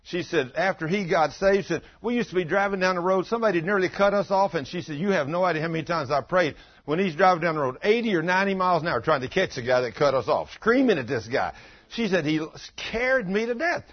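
An older man with a drawl delivers a homespun sermon, spinning stories and bursting into loud acted-out quotes. His voice is husky. The recording is dull and lo-fi. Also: fairly high pitch, fast talker. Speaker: preacher. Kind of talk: folksy sermon with storytelling. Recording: dull lo-fi sound.

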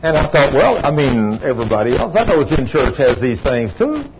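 A man preaching a sermon in a conversational, animated way, rising high for emphasis. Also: a little fast. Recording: muffled lo-fi recording with background noise.

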